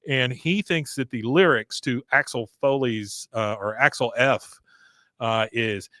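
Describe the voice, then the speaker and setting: Speaking at a measured pace, a man with a bright, forceful mid-range voice co-hosts a podcast. He gives a casual recap of an episode and performs the characters' lines, and the sound is clean studio quality with no echo.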